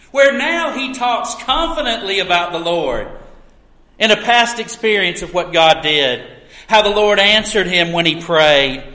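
High bright-voiced preacher in echoey hall. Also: male voice. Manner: earnest preaching with storytelling and emphatic pauses. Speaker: pastor. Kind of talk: sermon. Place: church sanctuary. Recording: echoey hall with long reverb.

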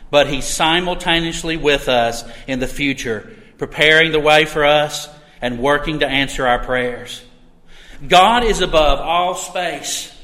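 Pastor, male, middle-aged, earnest emphatic sermon delivery, slightly high, bright tone, reverberant church sanctuary. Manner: earnest, emphatic preaching with rising and falling volume. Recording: echoey hall reverb.

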